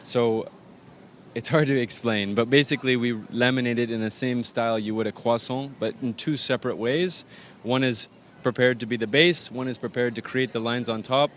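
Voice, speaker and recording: A man's voice: medium pitch, steady tone, normal speed, fairly bright tone. A man from Arizona, a pastry chef and bakery owner, explaining his pastries in detail, with fillers, during an on-location interview. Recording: faint outdoor traffic noise.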